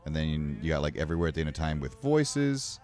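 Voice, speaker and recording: A man's voice: extremely low pitch, big pitch swings, fast talker, a little mellow, soft background music. A man streaming, chatting casually in a rambling, emotional way and swearing now and then. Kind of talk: casual livestream chat.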